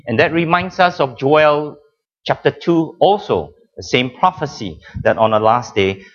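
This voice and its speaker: A man preaching a sermon with emphatic, drawn-out phrasing, dramatic pauses and frequent repetitions. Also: medium pitch, highs cut off.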